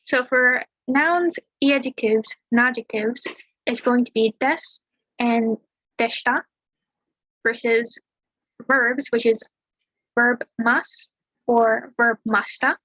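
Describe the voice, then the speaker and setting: Husky-voiced woman tutoring casually. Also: a little high, slow, pauses often, no room sound, dull audio. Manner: relaxed, chatty explaining with fillers and small laughs. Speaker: Japanese language tutor. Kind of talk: casual screen-share lesson.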